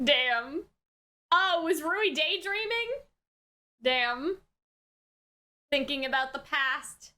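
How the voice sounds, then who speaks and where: A woman's voice: sits high, lively intonation, very slow, long pauses, sharp tone. A woman reacting aloud to an episode with gasps and swearing, then chatting through a casual review full of fillers. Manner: exclamatory, frequent gasps and swearing while watching; chatty, filler-heavy with many "like" and "right". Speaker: anime reaction and review YouTuber.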